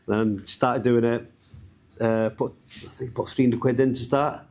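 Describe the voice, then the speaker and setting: A man's voice: mid-range voice, steady tone, unhurried. A young man from Wales, casually telling his trading story on stage. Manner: chatty, laughing, loose. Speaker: trader sharing his story on a panel.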